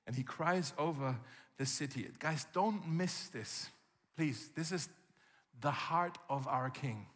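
Animated male pastor in a reverberant hall. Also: on the high side, takes it slowly. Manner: animated storytelling, acts out scenes with gasps and shouts. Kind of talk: sermon. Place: church hall. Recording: long reverb from a church hall.

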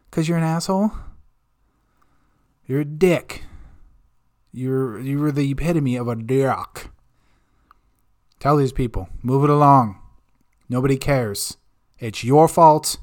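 Profane ranting male host. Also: a little high. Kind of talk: comedic rant.

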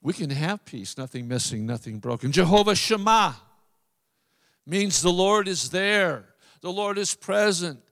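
A man with a high voice preaches a sermon with emphatic, drawn-out phrasing, repeating key lines. His voice rings with a long reverb, as in a large hall. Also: lively intonation, fairly bright tone. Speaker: pastor.

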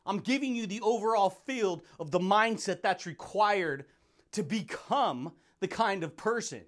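A man's voice: high-pitched, expressive, unhurried, fairly bright tone. A man hosting a motivational podcast, talking in an intense, brash way, laughing often and calling the listener dude and buddy. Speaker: podcast host. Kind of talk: motivational monologue.

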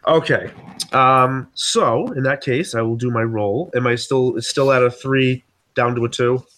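A man's voice: medium pitch, measured pace. Playful male tabletop player. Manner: animated, playful. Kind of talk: playing a tabletop game.

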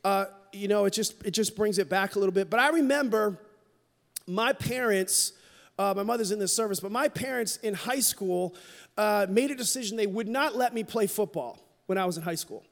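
A middle-aged man preaching a sermon in a church, telling a personal story with candor and dropping to a hush at tender moments. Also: sits high, moderate pace, creaky. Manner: candid, storytelling, drops to a hush for quoted moments. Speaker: pastor. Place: church sanctuary. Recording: long hall reverb.

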